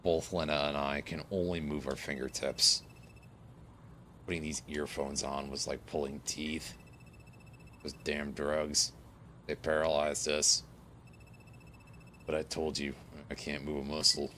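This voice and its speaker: A man's voice: a bass voice, flat delivery, measured pace, long pauses, bright, forceful tone, slight background noise, pitched below the performer's own voice, full character voice. A man doing a weary, drugged-out man. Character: drugged, paralyzed grown man. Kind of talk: reading game dialogue aloud.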